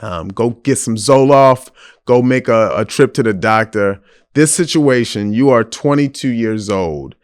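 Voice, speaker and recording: Answering a listener's letter on his casual advice podcast, this man is blunt and frank, with lively delivery. His mid-range voice is clear and resonant, and he keeps a measured pace.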